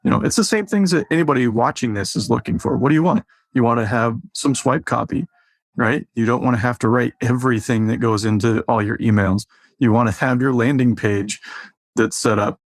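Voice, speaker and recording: Guy walking through marketing stuff, steady, dry sound. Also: mid-range voice, brisk, no echo. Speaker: co-host, marketing team member. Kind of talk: casual business chat.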